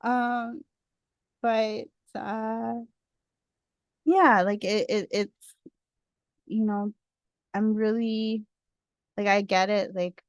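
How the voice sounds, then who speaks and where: A woman from India speaking in a talkative, expressive way. She is a guest speaker in a discussion and drifts into tangents. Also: mid-range voice, extremely slow, long pauses, dry recording. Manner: talkative, expressive, easily sidetracked. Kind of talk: casual discussion.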